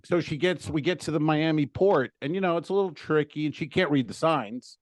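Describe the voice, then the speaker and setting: A man's voice: fairly high pitch, a little fast, no echo, clean studio sound. A man co-hosting a comedy podcast, telling a story in a casual, profane way and acting out his own exclamations. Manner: animated, profane, acts out exclamations. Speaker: podcast co-host.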